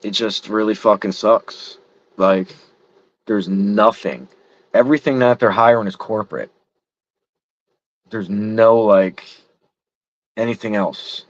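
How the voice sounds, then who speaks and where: A man's voice: on the low side, takes it slowly, pauses often, no room sound. A middle-aged man in casual chat, frustrated and rambling, swearing heavily. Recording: dull lo-fi sound.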